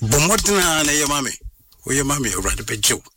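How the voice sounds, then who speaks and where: A man, recounting a personal story as an interview guest in an animated way and slipping into English phrases. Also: on the high side, fairly quick, no room sound, far from the mic. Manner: animated, mixes in English phrases, acts out what others said.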